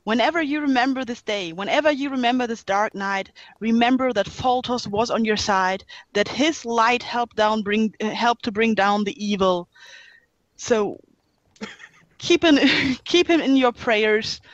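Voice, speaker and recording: A tabletop player speaks in character with earnest, prayerful words. The voice is fairly high, and the sound is dull and dry, with little room around it. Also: a little slow, fairly bright tone, dry recording. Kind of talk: tabletop game play.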